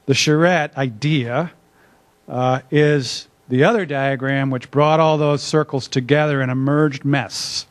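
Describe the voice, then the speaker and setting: A man's voice: mid-range voice, fairly even intonation, unhurried. An older man, an academic, giving a conversational workshop presentation in a conference room, with frequent filler words. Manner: conversational, self-deprecating, many filler uhs. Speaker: academic speaker.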